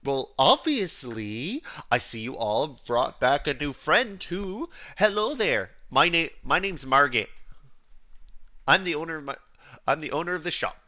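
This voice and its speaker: A man's voice: a little high, sing-song, measured pace, pushed and bright, dull audio, voice pushed up, full character voice. A man putting on a bubbly Canadian shopkeeper lady. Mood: cheery. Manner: bubbly, tags lines with "eh?". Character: chirpy Canadian woman magic shop owner.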